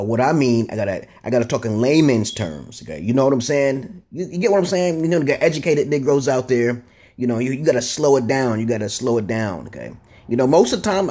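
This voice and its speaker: Husky-voiced man ranting to camera. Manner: rambling and profane, tags lines with "okay?"; animated, jumps up in pitch for emphasis. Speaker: vlogger. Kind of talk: casual ranting monologue.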